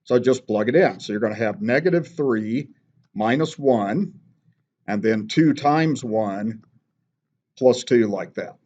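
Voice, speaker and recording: A man's voice: mid-range voice, expressive, slow, a little mellow, muffled recording. A man teaching a math class, patiently walking through steps and checking in with "okay?". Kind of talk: classroom lecture.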